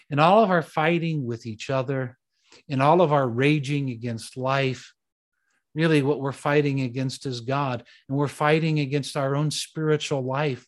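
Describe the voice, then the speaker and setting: A male pastor preaching a sermon with a dramatic delivery. He repeats short commands with slow, deliberate emphasis, then lowers his voice to near-hushed tones when he tells a story.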